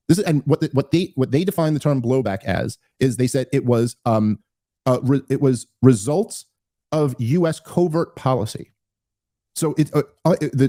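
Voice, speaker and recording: A male podcast host with a voice on the high side gives casual political commentary, animated and emphatic, with frequent restarts and fillers. The recording is dry and studio quality.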